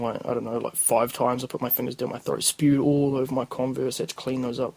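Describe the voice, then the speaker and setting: A man's voice: mid-range voice, monotone, brisk, vocal fry, darkish tone, dry recording, low-quality recording. A young man with a New Zealand accent, a podcast host telling rambling, crude stories in casual slang. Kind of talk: casual storytelling.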